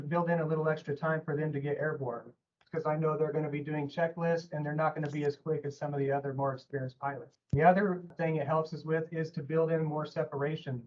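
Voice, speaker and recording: A man's voice: on the high side, lo-fi sound. A man who works as an air traffic controller, answering interview questions in an easygoing, conversational way.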